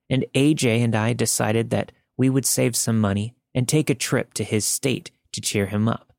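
A man reads a listener's true story aloud with steady, scripted podcast narration. His voice sits at a middle pitch and is recorded close on a dry mic. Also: creaky, no room sound.

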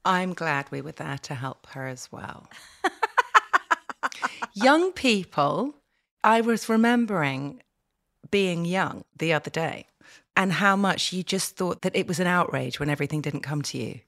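Animated low-voiced woman co-host. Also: measured pace, creaky. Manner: animated, laughs often, acts out quotes. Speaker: podcast co-host. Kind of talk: casual chat.

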